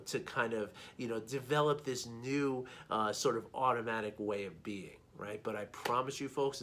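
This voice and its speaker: A man's voice: mid-range voice, fairly bright tone. A middle-aged man, a meditation coach, giving an informal teaching talk in a conversational way, often checking in with a questioning "right?".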